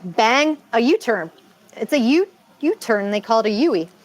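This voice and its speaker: Brief: chatty, rambling woman, live-stream co-host, slightly high voice. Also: sing-song, normal speed, poor audio. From Massachusetts. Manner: chatty, rambling, laughs often. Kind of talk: casual live-stream chat.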